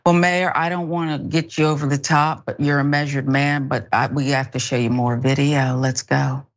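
A woman's voice: extremely low pitch, steady tone, normal speed, muffled recording. A woman hosting a news talk show, giving indignant, emphatic commentary on video clips. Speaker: host.

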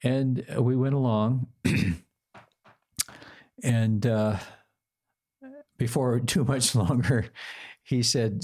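An older man telling a personal love story in a hesitant, halting way, with many fillers and restarts, acting out both sides of the dialogue. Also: mid-range voice, darkish tone, slightly rough. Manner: quotes himself and his partner in dialogue.

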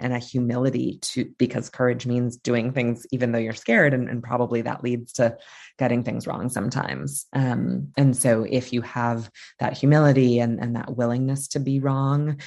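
A woman's voice: rumbling low, gravelly, a little mellow. A woman guest on a podcast, talking in a thoughtful, casual way with fillers and restarts. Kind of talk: casual interview talk.

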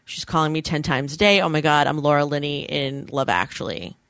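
A woman's voice: sits low, brisk, fairly bright tone, no echo. A woman in her thirties hosting a podcast, talking candidly and chattily, self-deprecating and acting out quoted lines. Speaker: podcast host. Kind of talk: casual chat.

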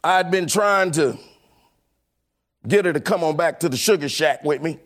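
A man with a fairly high-pitched voice tells a personal story about his years as a club DJ. He talks in a loose, casual way and acts out the voices of the people he quotes. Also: moderate pace, fairly bright tone.

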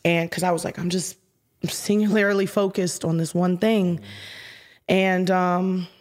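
A young woman, an interview guest and musician, telling an emotional story haltingly, with restarts and hushed whispered asides. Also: on the low side, flat delivery.

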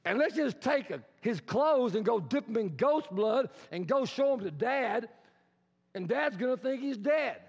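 A brash, scheming older brother, as a high-voiced preacher acts him out, tossing off his plan in easy slang. The dull, lo-fi sound rings out across a long hall echo. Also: expressive, unhurried, creaky, husky, full character voice.

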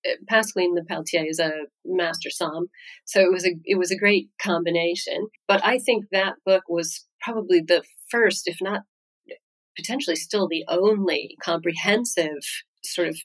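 Encouraging woman interviewer, lower voice. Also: normal speed, rough recording. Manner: warm, encouraging questioner with many restarts. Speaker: podcast interviewer. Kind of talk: conversational interview.

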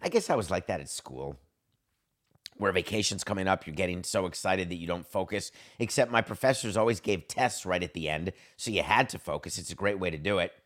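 A man with a somewhat low voice hosts a solo sports podcast into a studio mic. He talks wryly and theatrically, dropping dry asides and then hamming it up. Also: fairly quick, fairly bright tone. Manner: wry and theatrical, jumps between dry asides and mock-grand reading. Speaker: podcast host.

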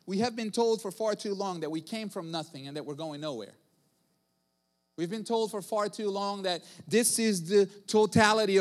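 A male pastor preaching a sermon, emphatic, repeating phrases and building to loud bursts. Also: high-pitched. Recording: long hall reverb.

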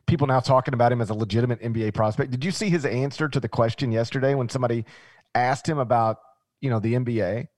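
A man with a Memphis accent co-hosting a sports podcast, talking in an animated, rambling way with restarts. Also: mid-range voice, quick pace, no room sound. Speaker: podcast co-host. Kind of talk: casual sports chat.

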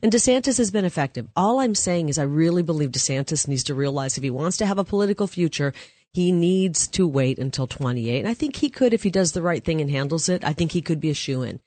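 A woman's voice: low voice, lively intonation, quick pace, mellow, no room sound. A woman speaking as a guest on a political talk show, in an emphatic, confident manner. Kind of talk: casual political interview.

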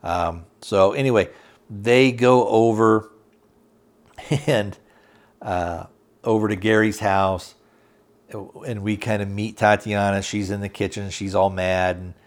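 A man hosting a podcast who casually retells a TV episode's plot, rambling and halting with many fillers. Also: fairly low pitch, steady tone. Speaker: podcast host reviewing a TV series.

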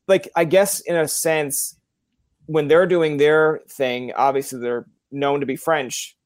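A man's voice: fairly high pitch, steady tone, slow, no echo. A man with a Newfoundland accent hosting a casual interview, rambling through chatty stories and slipping into playful quoted voices. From Newfoundland, Canada. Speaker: podcast host.

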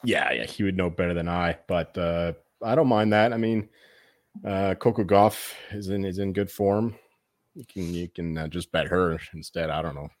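A man's voice: deep voice, moderate pace, no echo, clean studio sound. A man co-hosting a sports betting podcast, laid-back and self-deprecating. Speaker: podcast co-host. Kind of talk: casual podcast chat.

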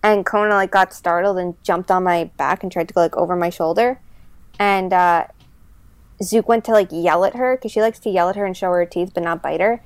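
A woman in casual podcast chat, telling stories in an animated, chatty way with many fillers. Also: on the low side, fairly quick, dry recording.

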